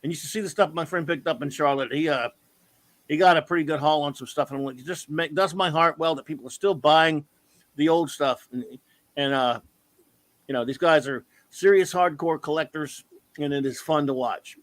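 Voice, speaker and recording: Man, talk show host, rambling, excitable, fairly high voice, dry close sound. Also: brisk, no echo. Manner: rambling, self-correcting, excitable. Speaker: podcast host. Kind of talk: casual live-stream chat.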